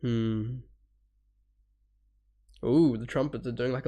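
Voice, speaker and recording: A man's voice: medium pitch, steady tone, measured pace, pauses often, dark tone. A man with a cold, sniffling and stuffy, rambling casually through a live reaction stream, laughing, swearing now and then, and humming bits aloud. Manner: hums parts aloud.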